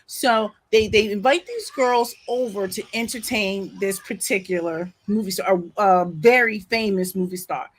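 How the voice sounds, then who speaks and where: A woman's voice: mid-range voice, moderate pace, hardly any pauses, rough recording. A woman vlogger telling a long story in a casual, digressive way at home, with frequent asides and apologies. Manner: animated, laughing. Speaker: commentary vlogger. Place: home, near her back window.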